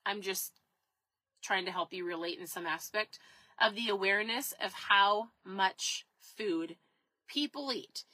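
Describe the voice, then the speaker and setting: A woman's voice: medium pitch, unhurried, bright, forceful tone, dry recording, poor audio. A woman in her thirties chatting casually to her viewers about diet, upbeat and full of questions for them. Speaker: keto lifestyle vlogger. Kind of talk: casual direct-to-camera talk.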